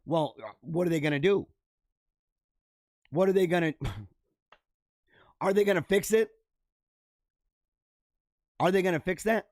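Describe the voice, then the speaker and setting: Slow and full of long pauses, this male podcast host has a high-pitched but darkish voice, recorded in studio quality with no echo. He casually reads out strange news items, riffs on them while laughing a lot, and speaks directly to his viewers.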